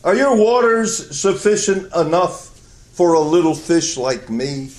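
A man's voice: a little high, unhurried, voice pushed up, natural voice. A man voicing a small fish, pleading earnestly in a raised voice within a sermon story. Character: tiny timid fish pleading to the ocean. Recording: roomy hall echo.

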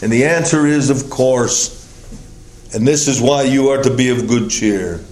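A man preaching a sermon, leaning hard on key words with long pauses and sudden drops to a low, quiet voice. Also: reverberant, poor audio. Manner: emphatic, drawn-out stresses with sudden drops in pitch and volume.

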